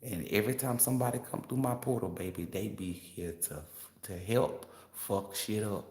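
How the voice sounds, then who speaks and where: A man's voice: lowish voice, normal speed, darkish tone. A man who reads tarot, ranting in a casual livestream in a brash, profane way and laughing often. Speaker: tarot reader. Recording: roomy echo.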